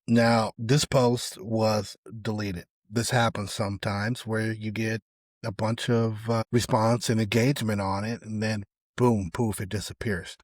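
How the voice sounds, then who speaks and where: A middle-aged man hosting a solo podcast, giving casual, opinionated commentary on social media posts. His voice often drops away quietly at the end of phrases. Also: lowish voice, level tone, a little slow, dry recording, clean studio sound. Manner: conversational, opinionated, trails off quietly at phrase ends. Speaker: podcast host.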